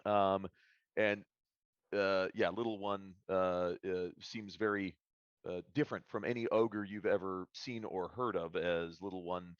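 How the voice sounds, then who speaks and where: A man narrating as game master in a tabletop game, halting and full of filler sounds. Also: low voice, fairly even intonation, no echo, lo-fi sound.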